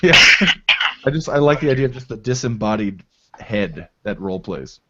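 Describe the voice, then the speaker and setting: A man narrating as game master of a tabletop game, in a halting style full of fillers, on a dull lo-fi recording. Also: fairly low pitch, big pitch swings, very noisy. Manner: slow, halting descriptive narration with many fillers.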